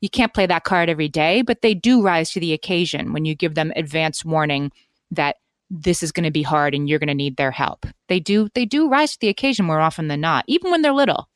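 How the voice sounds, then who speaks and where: A woman's voice: low voice, expressive, fairly quick, no echo, clean studio sound. A woman co-hosting a parenting podcast, chatting casually and animatedly, often restarting sentences and acting out things parents say. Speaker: podcast co-host.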